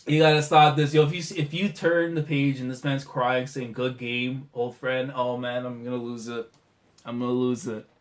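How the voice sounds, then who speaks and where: A young man reacting live to a manga chapter, his voice swinging from hushed and choked up to loud pleading outbursts. He talks casually, stumbles over his words and keeps tacking on "man" and "bro." His pitch sits in a middling range for a man. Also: little pitch movement, moderate pace. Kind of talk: emotional live reaction commentary.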